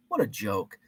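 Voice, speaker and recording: A man in his forties hosting a casual live-stream chat, rambling and joking with many fillers and restarts.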